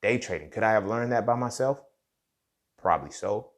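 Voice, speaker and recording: With a fairly low pitch, lively intonation and normal speed, a young male podcast host gives a casual motivational monologue. He tells a story, swears freely and often asks "you feel me."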